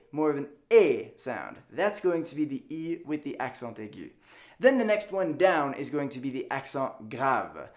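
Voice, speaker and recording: Young male teacher, animated pitch, playful demo-heavy delivery, casual lesson. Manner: lively, demonstrates sounds with exaggerated examples. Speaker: French teacher.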